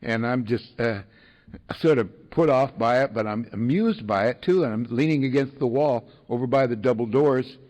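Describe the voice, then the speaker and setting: A man in the middle of a talk, spinning a personal story with wry, self-mocking humor. He sits at an average pitch, with frequent ums and chuckles along the way. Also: moderate pace, a little mellow, rough recording. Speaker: speaker sharing a recovery story. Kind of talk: storytelling to an audience.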